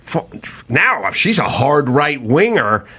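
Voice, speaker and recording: A middle-aged man spins an exasperated comic story, his voice bright and ringing. His pitch swings all over the place, leaping high when he mimics someone and sinking low and quiet at others. He swears freely. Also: very animated, slow pace, husky. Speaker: podcast host.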